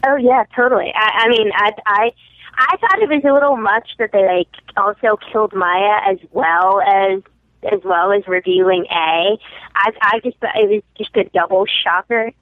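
A woman's voice: mid-range voice, normal speed, no echo. Hesitant woman on a tinny phone line. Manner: hesitant, stammering. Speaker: caller. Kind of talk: casual phone call.

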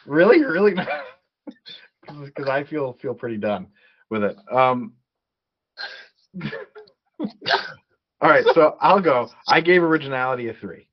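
An easygoing man co-hosting a casual film review podcast, often restarting his sentences and laughing. His voice has a mid-range pitch. The recording sounds dull and lo-fi. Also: lively intonation, a little slow, pauses often. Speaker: podcast co-host. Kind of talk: casual movie review chat.

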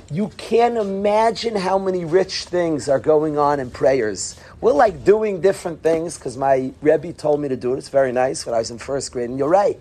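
A man's voice: on the high side, mellow, breathy edge. A man teaching a Torah class to yeshiva students, earnest, calling on students by name and dropping into whispers.

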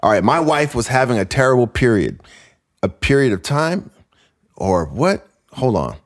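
Reading listener mail aloud on his easygoing comedy podcast, this male host laughs plenty and keeps things playful and energetic. He speaks at medium pitch and a moderate pace.

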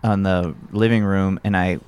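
Deep-voiced casual comedian man. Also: fairly even intonation, moderate pace, darkish tone, smooth. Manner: loose, casual, swearing. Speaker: comedian podcast co-host. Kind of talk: casual podcast chat.

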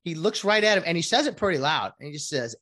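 A woman delivering a casual sports rant to her viewers, her speaking voice lower than most. Her pitch swings widely as she rambles, doubling back and correcting herself. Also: very animated, quick pace, fairly bright tone. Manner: rambling, with many restarts and asides. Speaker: sports commentator.

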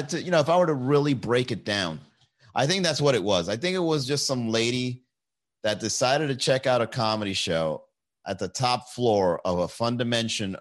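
A male stand-up comedian telling a story in a casual livestream, rambling, animated and full of profanity. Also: medium pitch.

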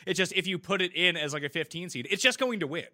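A man talking in a casual podcast chat, with blunt opinions and a lively delivery that swings up and down in pitch. His voice is bright and fairly high for a man. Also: quick pace. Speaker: podcast co-host.

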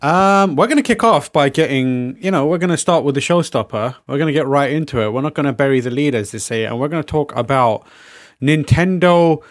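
Male podcast host with a numb face, jokey and upbeat, mid pitch, dry close sound. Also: fairly quick, few pauses, no room sound. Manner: jokey, upbeat, introduces guests. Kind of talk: casual podcast chat.

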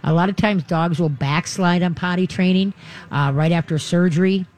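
A man hosting a radio call-in show, giving folksy, animated advice on dog training. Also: high voice, normal speed.

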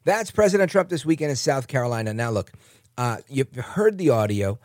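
Animated, sarcastic male podcast host. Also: medium pitch, fairly quick, dry recording, studio quality. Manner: animated and sarcastic, with mocking asides. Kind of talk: political commentary monologue.

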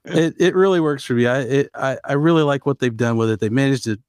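Middle-aged male podcast co-host, average pitch, dry close mic, rambling casual reviewer. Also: fast, smooth, dry recording. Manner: rambling, animated, self-interrupting. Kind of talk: casual movie review chat.

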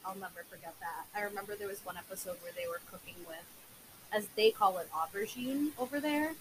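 A woman from New England, co-hosting a podcast in animated casual chat with casual swearing. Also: medium pitch, a little fast, poor audio. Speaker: podcast co-host. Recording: faint hiss.

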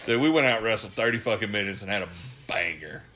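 Bright-voiced profane man. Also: on the low side, expressive, fast talker, a little hiss or hum. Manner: profane storyteller, laughing. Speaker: podcast co-host. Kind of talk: casual chat.

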